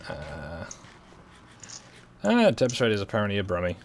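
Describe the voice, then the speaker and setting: A young man with a West Midlands accent chats through a game, thinking aloud with dry, self-mocking humor. His voice sits fairly low, with a faint hum of noise behind him. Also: huge pitch swings, moderate pace. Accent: West Midlands English. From West Midlands, England. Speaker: streamer playing a game. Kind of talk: casual gameplay commentary.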